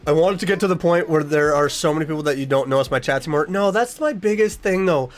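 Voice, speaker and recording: A young man with a slightly high voice talks earnestly to his viewers, restarting sentences and getting emotional. Casual livestream chat, with faint music playing underneath. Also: quick pace. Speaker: streamer.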